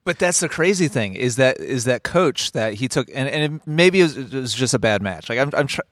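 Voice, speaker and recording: A man's voice: mid-range voice, animated, fairly quick, fairly bright tone, no room sound, studio quality. A man hosting a casual chat about coaching, rambling and thinking aloud.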